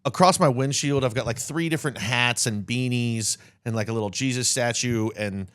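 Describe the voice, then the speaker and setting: A man co-hosting a podcast, trading deadpan jokes and cursing in casual banter. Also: medium pitch, normal speed, no room sound, clean studio sound. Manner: deadpan joking, swears, lively ups and downs. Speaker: podcast co-host.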